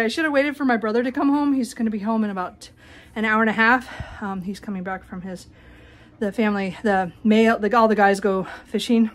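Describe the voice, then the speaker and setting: A woman's voice: fairly high pitch, steady tone, brisk. A woman chatting casually in a home vlog, rambling with frequent fillers while she works around her house, at times out of breath. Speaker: vlogger. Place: home bedroom closet.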